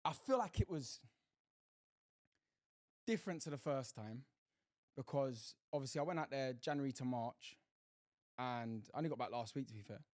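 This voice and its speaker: A man's voice: mid-range voice, moderate pace, long pauses, no room sound, studio quality. A young man, telling stories in a casual podcast chat, full of slang and swearing. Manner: animated storytelling with slang and swearing. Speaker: podcast co-host.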